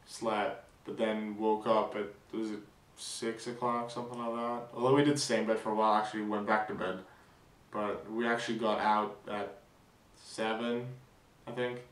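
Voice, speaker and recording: A young man vlogging a casual weekend recap, rambling with fillers and restarts, excited. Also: lowish voice, normal speed, echoey room, far from the mic, poor audio.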